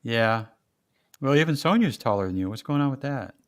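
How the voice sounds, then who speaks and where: A man hosting a casual chat, telling lively stories and laughing often. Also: medium pitch, fairly quick, no echo. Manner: animated storyteller, laughs often, puts on voices in quotes. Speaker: podcast host.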